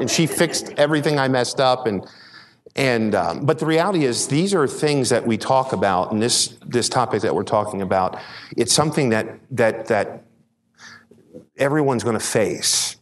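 Male pastor, mid-pitched, folksy midweek sermon, church-hall reverb. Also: lively intonation, moderate pace. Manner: folksy storytelling, repeats words when starting sentences.

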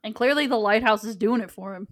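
A woman casually recapping a film plot for her co-hosts, relaxed and full of "like.". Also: fairly high pitch, quick pace. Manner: relaxed, frequent filler "like". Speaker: podcast co-host, recapping the film.

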